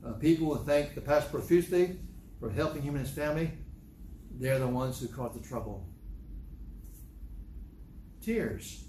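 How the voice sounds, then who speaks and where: A man's voice: mid-range voice, dark tone, reverberant, slight background noise, low-quality recording. A man preaching a sermon as pastor. He repeats phrases and breaks into sudden raised outbursts.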